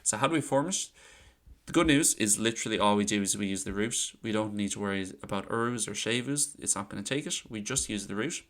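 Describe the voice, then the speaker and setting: A man with a lowish voice teaches grammar in a chatty, relaxed way. He walks through examples and slows down to repeat key phrases. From Ireland. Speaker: Irish language teacher. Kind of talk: casual online lesson.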